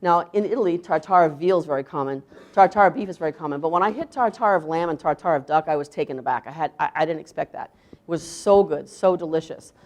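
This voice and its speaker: A woman chef talks to a seminar audience in a lowish voice. She is emphatic and asks rhetorical questions, then acts out the voices she quotes. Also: fast talker. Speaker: chef presenter. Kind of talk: conference talk.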